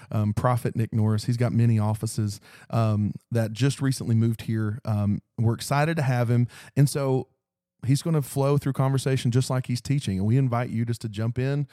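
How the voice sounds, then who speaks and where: Male podcast host, relaxed friendly intro, warm low-toned voice, dry close sound. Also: no room sound. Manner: friendly, filler-laden welcome.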